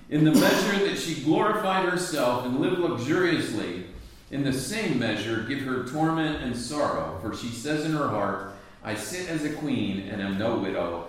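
A man preaching a sermon. He reads long scripture passages aloud and then explains them in plain words. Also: mid-range voice. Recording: very echoey room, voice from a distant mic.

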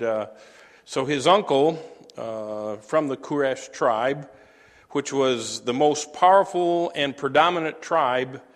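A man preaching a teaching sermon, halting often with fillers and restarts. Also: fairly high pitch, fairly bright tone, big-room sound.

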